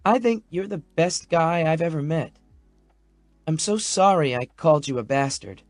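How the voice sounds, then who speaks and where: A man voicing an anxious, emotional young pregnant woman in an audiobook, her voice soft and wobbly. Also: on the high side, animated, normal speed, no echo, faint music behind, voice pushed up, natural voice. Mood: remorseful. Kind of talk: audiobook character voice.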